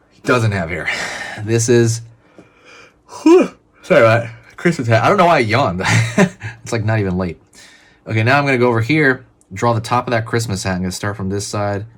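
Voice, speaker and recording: Laid-back man narrating his drawing strokes. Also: lowish voice. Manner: relaxed, chatty, narrates each pen stroke. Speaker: drawing tutorial host. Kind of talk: casual step-by-step drawing instruction.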